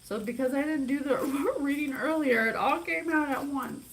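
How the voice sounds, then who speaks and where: A woman's voice: high-pitched, normal speed, a little hiss or hum, low-quality recording. A young woman giving an intense, emphatic psychic reading, speaking straight to her viewers. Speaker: psychic reader. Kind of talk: channeled reading monologue.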